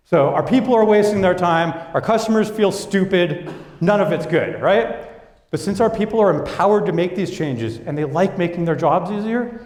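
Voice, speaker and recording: A young adult man giving a business presentation to an audience, telling stories with energy and acting out what coworkers said. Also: high voice. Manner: lively storytelling, acting out quoted coworkers. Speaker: business speaker. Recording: echoey hall.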